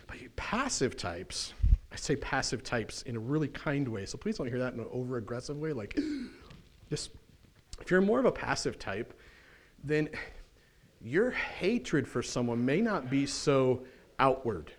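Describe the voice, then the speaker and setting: A man with a mid-range voice preaches from the pulpit as pastor. He keeps things folksy and animated, using casual slang and quick asides along the way.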